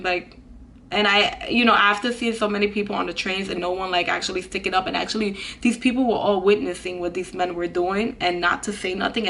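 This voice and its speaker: A woman's voice: mid-range voice, vocal fry, a bit bright, slight background noise. A young woman telling a storytime vlog in an earnest way, full of "like" fillers. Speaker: vlogger.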